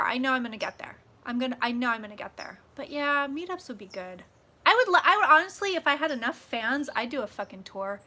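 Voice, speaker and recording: A woman chatting casually with her viewers on a live stream, swearing freely and swinging loud and soft as she talks. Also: on the high side. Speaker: psychic vlogger hosting a live stream.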